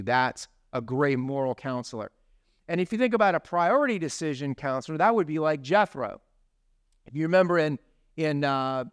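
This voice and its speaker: Male pastor, fairly high, smooth clear voice, dry close sound, chatty sermon delivery. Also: no room sound. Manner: conversational, with tag questions and asides.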